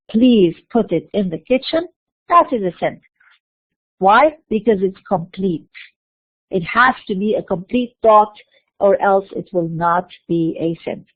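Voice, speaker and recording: A woman's voice: medium pitch, dry recording. Woman lecturing over tinny audio. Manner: explains by repeating and asking herself questions. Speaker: linguistics lecturer. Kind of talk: classroom lecture. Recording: dry, tinny phone-like audio.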